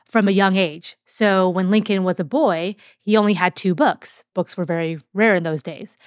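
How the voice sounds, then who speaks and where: A woman's voice: mid-range voice, no room sound. Woman hosting a dry, close podcast. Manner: conversational, with fillers and restarts. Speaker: podcast host. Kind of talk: casual educational podcast talk.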